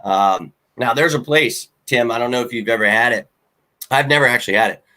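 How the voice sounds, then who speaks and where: Male sports show host, casual and blunt, bright forceful tone, fan rant delivery. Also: mid-range voice, fairly quick. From Philadelphia. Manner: blunt, animated fan rant with frequent fillers.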